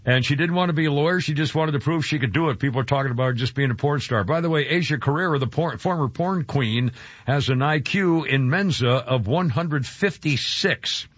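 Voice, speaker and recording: A man's voice: on the high side, brisk, dry recording. Man, radio host, casual chat, rambling with fillers, dry close sound, slightly dull. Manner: rambling, stumbles with many fillers. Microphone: studio mic.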